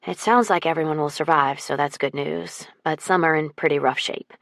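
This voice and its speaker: Woman as tired middle-aged nurse, slight Southern accent, soft, sympathetic, dry close sound. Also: deep voice, steady tone, normal speed, gravelly, no room sound. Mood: kind.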